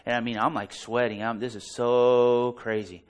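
A preacher telling an animated, self-deprecating story during a church service. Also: male voice, medium pitch, normal speed, few pauses. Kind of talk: storytelling sermon.

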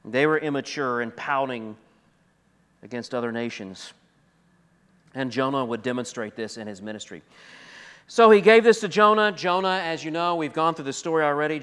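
A man's voice: medium pitch, clean tone. Emphatic man preaching in an echoing hall. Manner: emphatic, swings from loud to soft. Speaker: pastor. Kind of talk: expository sermon. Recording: long hall reverb.

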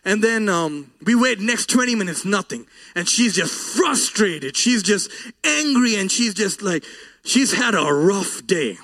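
Very high-voiced earnest male preacher. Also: animated, a little slow, fairly bright tone. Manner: earnest, emotional, voice often breaking. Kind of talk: sermon with personal story.

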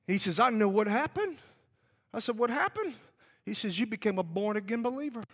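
Animated high-voiced man preaching testimony. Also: brisk. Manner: animated storytelling, shouts at high points, jokes. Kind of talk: sermon testimony. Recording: long hall reverb.

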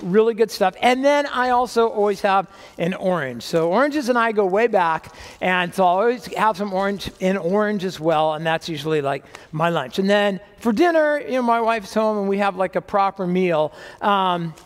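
A man's voice: high-pitched, normal speed, hardly any pauses, in a large hall. A man preaching a sermon as pastor, chatty and self-mocking, with joking asides. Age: older. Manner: conversational, self-deprecating humor.

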